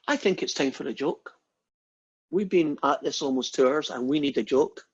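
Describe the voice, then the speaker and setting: A man's voice: a little high, moderate pace, breathy edge. A man giving a university maths lecture, chatty and quizzing the class with questions. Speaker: math lecturer. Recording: dull lo-fi recording.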